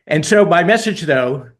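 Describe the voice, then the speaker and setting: A middle-aged man, an author guest on a radio interview, telling stories animatedly and laughing at himself. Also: fairly high pitch. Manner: animated, tells stories with self-deprecating laughs.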